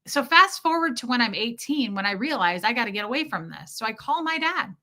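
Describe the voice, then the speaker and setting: Bright-voiced woman telling a personal story. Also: on the high side, lively intonation, fairly quick. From Kansas City, USA. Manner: candid, emotional, lots of "like" fillers. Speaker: podcast host.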